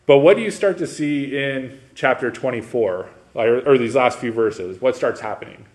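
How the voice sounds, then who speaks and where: A man teaching a Bible class in a casual lecture style. He peppers his talk with "like" and "right?", and reads verses aloud before explaining them. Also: normal speed. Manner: conversational, lots of "like" and "right?" check-ins; animated, pitch jumping up on questions.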